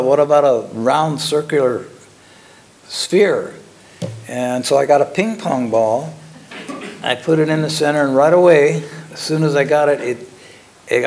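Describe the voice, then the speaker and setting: An older man, a former lab technician, telling his story in a casual, halting way with frequent chuckles. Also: medium pitch, darkish tone.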